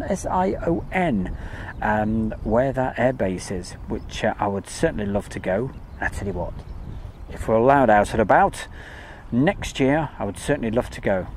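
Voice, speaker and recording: A man's voice: lowish voice, a little mellow, slight background noise. Chatty British man hosting an airfield stream. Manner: chatty, rambling, reads out viewer comments. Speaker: live airfield stream host. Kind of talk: casual live-stream commentary. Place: outdoors at an airfield.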